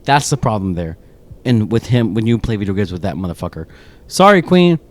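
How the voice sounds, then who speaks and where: A man's voice: lowish voice, fairly quick. A man co-hosting a podcast in casual chat, telling a rambling story full of swearing. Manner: animated, rambling, swears a lot. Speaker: podcast co-host.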